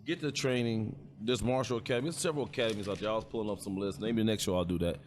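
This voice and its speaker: A man's voice: lowish voice, racing. A middle-aged man co-hosting a podcast about security work, chatting casually and rambling, often repeating words as he starts a thought. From United States. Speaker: podcast co-host, security guard. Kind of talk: casual chat.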